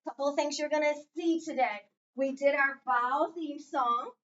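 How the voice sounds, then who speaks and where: A woman's voice: high voice, moderate pace, fairly bright tone, slight background noise. A woman teaching a small group of children to read, patiently leading call-and-response drills in a classroom. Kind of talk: classroom reading lesson. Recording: distant, muffled classroom recording.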